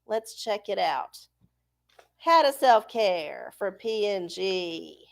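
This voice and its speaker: A woman's voice: medium pitch, expressive, slow pace, creaky. A woman hosting a live stream, chatting casually and profanely with her viewers and laughing often. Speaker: livestream host. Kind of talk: casual live-chat talk.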